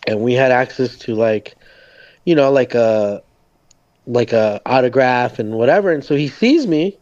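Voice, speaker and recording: The audio is muffled as a Southwestern man from Socorro, guesting on a podcast, tells a rambling story in a lively, slightly mellow medium-pitched voice at a measured pace. His casual chat is thick with "like," free swearing, and acted-out quotes.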